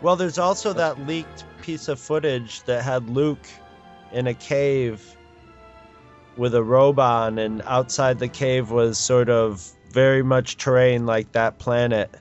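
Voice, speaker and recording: A man's voice: medium pitch, steady tone, slow. A man co-hosting a casual film chat, thinking aloud and restarting his sentences. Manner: thoughtful, hesitant, restarts often. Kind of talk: casual group chat about films. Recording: dull lo-fi sound, faint music behind.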